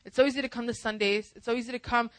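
A young woman preaching at a church service, animated and talking straight to the congregation with frequent "right?" and "amen?". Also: fairly high pitch, rapid-fire, dry recording, low-quality recording. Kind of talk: sermon.

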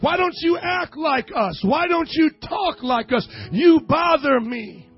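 A man's voice: very high voice, lively intonation, slow pace, highs cut off, faint music behind, pitched above the performer's own voice, heavily acted. A male preacher mimicking irritated worldly people who mock Christians, in a raised, indignant voice.

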